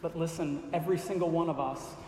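A man's voice: fairly high pitch, steady tone, a little fast, warm tone, slight background noise. A man pastor preaching an earnest sermon to his church and closing in prayer. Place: church hall. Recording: echoey hall with long reverb.

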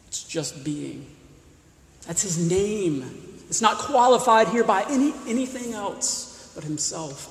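A man's voice: sits high, expressive, a little slow, creaky. A man preaching a sermon, emphatic, often repeating and restarting words as he stresses his points. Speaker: pastor. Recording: roomy hall with long reverb.

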